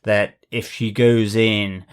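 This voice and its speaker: A man's voice: on the low side, little pitch movement, slow, smooth. Man co-hosting a review podcast. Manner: reads recap then chats with wry asides. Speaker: podcast co-host.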